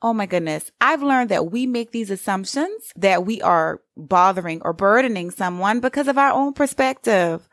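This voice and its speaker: A woman's voice: medium pitch, no echo, clean studio sound. A middle-aged woman, hosting a solo podcast and talking in an encouraging, conversational way. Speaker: podcast host. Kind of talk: solo motivational podcast talk.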